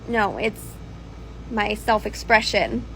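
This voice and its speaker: A woman's voice: medium pitch, expressive, slow pace, vocal fry, fairly bright tone, a little hiss or hum, rough recording. A young woman in a casual social media video, defending herself with hesitant fillers.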